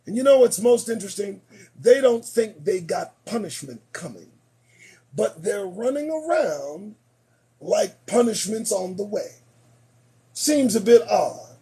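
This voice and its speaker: Hosting a late-night commentary program, this high-voiced man speaks a little slowly and expressively even as his voice gives out. He preaches emphatically, repeats lines for effect, and lurches from shouts to mutters.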